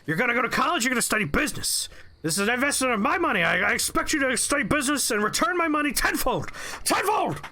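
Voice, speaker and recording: A man's voice: very high voice, sing-song, fast, bright, forceful tone, pitched above the performer's own voice, exaggerated voice. A man putting on a raging, frantic middle-aged boss who screams and rants over and over. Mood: frantic ranting. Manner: screaming, frantic, repetitive ranting.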